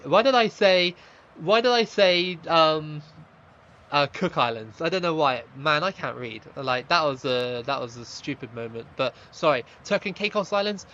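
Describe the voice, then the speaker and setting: A man's voice: a little high, dull audio, a little hiss or hum. Chatty young male game streamer. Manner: chatty, reacts loudly to play, reads chat aloud. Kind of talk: live gaming stream commentary.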